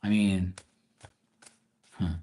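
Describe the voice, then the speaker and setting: A man's voice: low-pitched, flat delivery, very slow, mellow, husky, poor audio. A man with a Bermudian accent, rambling and chatty as he talks casually with viewers on a live tarot stream, swearing now and then.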